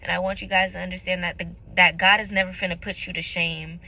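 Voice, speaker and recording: A woman's voice: on the low side, flat delivery, fast talker, bright, forceful tone, low-quality recording. A young woman vlogging about her faith, talking casually and candidly to her viewers in an earnest, searching way. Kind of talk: casual confessional talk to camera.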